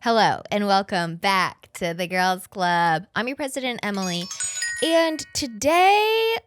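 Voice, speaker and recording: Lively, foul-mouthed young woman podcast host. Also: mid-range voice, unhurried, faint music behind. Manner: animated, rambling and profane. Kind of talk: casual podcast chat.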